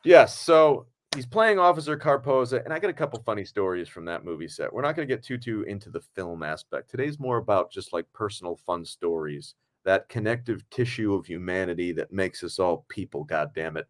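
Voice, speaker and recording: A man hosting a casual podcast, telling animated anecdotes and acting out the quotes. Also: fairly low pitch, a little fast, hardly any pauses. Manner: animated storyteller, acts out quotes. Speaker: podcast host and film director.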